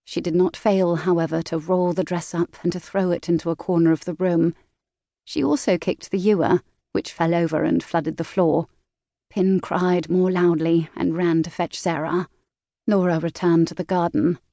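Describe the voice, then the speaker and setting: A woman with a voice on the low side narrates an audiobook of a classic novel, telling the story in a measured yet expressive way. The recording is studio quality with no room sound.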